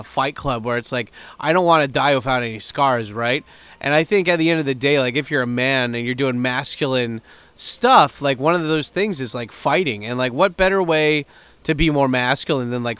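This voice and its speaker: Dude rambling to camera, swears a ton, lots of like and um, smooth clear voice, dry close mic. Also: male voice, medium pitch, a bit bright, no room sound. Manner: loose and rambling, swears a lot, heavy fillers. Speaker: vlogger. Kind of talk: casual chat to camera.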